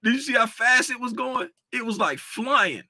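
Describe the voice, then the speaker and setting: A man's voice: very high-pitched, animated, moderate pace, pushed and bright, no room sound. A man in a casual livestream, talking loosely to his viewers about trading, easily sidetracked. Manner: loose, distractible, talks straight to chat. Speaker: trading educator.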